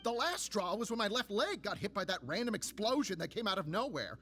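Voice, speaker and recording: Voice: mid-range voice, very animated, fairly quick, sharp tone, soft background music. An actor voicing a tired, unlucky veteran adventurer in a game, with a dry, sighing delivery. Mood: weary. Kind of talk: game voice acting.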